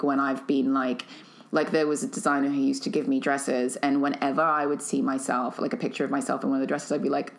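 A woman from Nigeria, a guest talking candidly and animatedly in casual conversation. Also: sits low. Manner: candid, animated, fond of voicing quotes.

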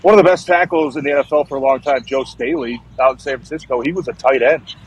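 A man's voice: medium pitch, quick pace, slight background noise, low-quality recording. A man in his thirties, a former pro football lineman, telling stories in a casual, profane, rambling podcast chat. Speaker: former NFL offensive lineman guest.

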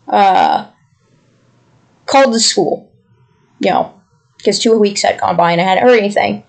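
A young woman co-hosting a podcast, casually telling a story in an exasperated, animated way and mimicking the people she quotes. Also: mid-range voice, moderate pace, creaky, pauses often. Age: young adult. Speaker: podcast co-host.

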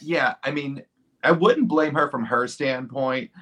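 A young man co-hosting a casual podcast chat, cracking quick jokes. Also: mid-range voice, fairly bright tone, slight background noise. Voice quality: joking, quick quips. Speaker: podcast co-host.

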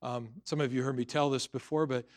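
A man's voice: medium pitch, steady tone, a little fast, a little mellow. A middle-aged man preaching a sermon as pastor, telling personal stories earnestly with frequent restarts and building to emphatic exhortation.

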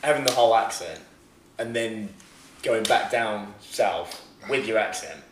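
A man's voice: lowish voice, unhurried. Rambling, sweary man in a roomy room. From southern England. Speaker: podcast host. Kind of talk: casual chat. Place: living room of a home. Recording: roomy home recording with faint hiss.

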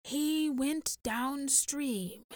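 A woman voicing a dignified old male alien chief who speaks slowly and gravely. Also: a little high, lively intonation, dry recording. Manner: slow and grave.

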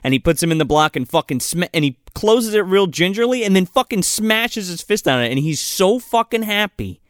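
A man's voice: high-pitched, a little fast, no room sound, clean studio sound. A man co-hosting a casual movie podcast, swearing freely and acting out characters' lines as he retells scenes. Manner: profane, animated, acts out characters' lines. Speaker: podcast co-host. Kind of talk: casual movie-riffing chat.

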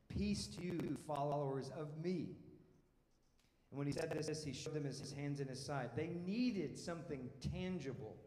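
A pastor delivers a sermon in a church hall, casual yet emphatic, putting questions to the congregation and often repeating words as he restarts. His voice is a little high and a little mellow, at normal speed, and the echoey hall gives it a long reverb.

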